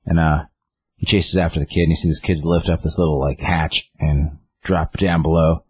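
A man casually recapping a plot, rambling and peppering his talk with quoted lines. His voice sits very low and is somewhat husky. The sound is dry and close to the mic. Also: little pitch movement, moderate pace, a little mellow, no room sound. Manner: rambling, with many fillers and "he's like" quotes.

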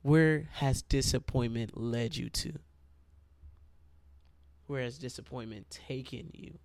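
A man's voice: medium pitch, slow, no echo. A man preaching a sermon in a conversational way, calling his listeners y'all, with an itchy throat.

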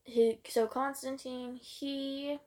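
A woman's voice: sits high, flat delivery, slow, a little mellow. A teenage girl co-hosting a podcast in rambling, giggly, chaotic casual chat. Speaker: podcast co-host.

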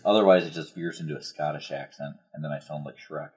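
A man's voice: a bass voice, fairly even intonation, fast talker, a little mellow, breathy edge, rough recording. A man hosting a casual podcast, cracking dry jokes. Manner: dry, joking. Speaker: podcast host. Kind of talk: casual chat.

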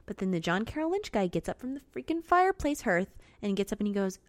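A young woman with a mid-range voice, recorded dry, co-hosts a podcast and casually chats about a film. She's chatty and animated, quick to act out the characters' lines as she recaps.

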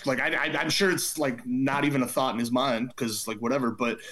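A man in his thirties trades stories as a guest on a casual podcast. He tells them animatedly, laughing often and pitching his voice up to act out the people he quotes. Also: steady tone, a little fast, fairly bright tone. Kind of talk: casual storytelling chat.

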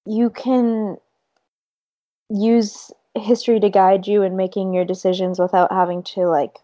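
A woman's voice: medium pitch, flat delivery, measured pace, warm tone. A woman co-hosting a casual podcast chat, thinking aloud with many fillers and restarts. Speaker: podcast co-host.

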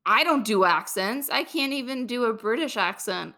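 A young woman hosts a casual podcast chat. Her voice is bright and clear, and she tells stories in an animated, chatty way. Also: on the high side, moderate pace. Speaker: podcast host.

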